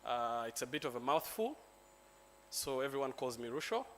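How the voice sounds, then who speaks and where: A man's voice: medium pitch, moderate pace, a little hiss or hum. Joking Ugandan male speaker. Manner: relaxed, joking with the audience. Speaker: lawyer and speaker. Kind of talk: symposium presentation. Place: conference hall.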